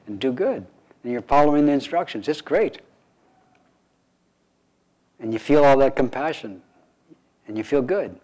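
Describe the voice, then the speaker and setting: A man's voice: medium pitch, measured pace, pauses often, low-quality recording. Guy giving a dharma talk, laid back, joking around a bit, normal mid voice. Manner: relaxed, playful, with wry asides. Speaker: meditation teacher.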